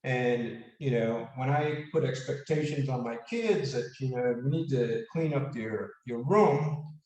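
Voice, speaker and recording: A man giving an animated, casual motivational lecture who asks the audience questions. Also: mid-range voice, measured pace. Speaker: speaker giving a leadership talk. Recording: echoey room, mic at a distance.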